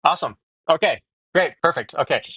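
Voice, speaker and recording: A man's voice: fairly high pitch, lively intonation, fairly quick, bright, forceful tone, slightly rough, no room sound. A man hosting a casual live stream from home, chatting and greeting viewers by name as they join, talking into wireless earbuds.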